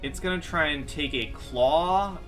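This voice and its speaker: A man with a bright, forward voice runs a tabletop game, musing over rules and calling out turns. Soft music sits faintly behind him. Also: fairly high pitch, a little slow. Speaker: game master.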